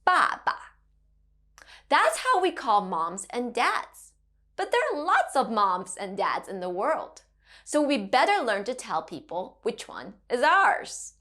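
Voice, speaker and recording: Animated, slow-paced woman teaching kids. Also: fairly high pitch. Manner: gentle, encouraging, sing-song modelling of tones. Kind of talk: children's language lesson.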